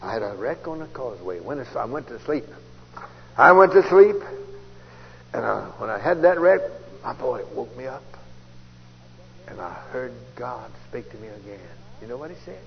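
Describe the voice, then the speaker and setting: A man preaches his own conversion story in a folksy, storytelling way, his voice lively in pitch and leaping between loud cries and hushed asides. The sound is a dull old tape made in a large, reverberant hall, with a faint hiss behind him. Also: brisk, creaky. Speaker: preacher giving testimony. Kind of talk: testimony sermon.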